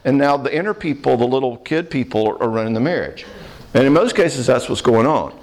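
A man leads a marriage seminar in a lively, joking way. His voice sits at an ordinary middle pitch, and he keeps tagging his points with quick check-ins to the room. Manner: animated, checks in with "all right?". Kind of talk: humorous seminar talk.

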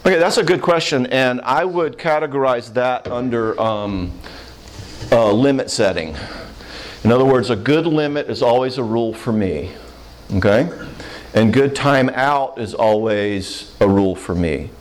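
A man answers questions from a live audience as a counselor. His voice sits at a middle pitch, and his delivery is plainspoken and animated. He slips into short acted-out voices now and then. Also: unhurried.

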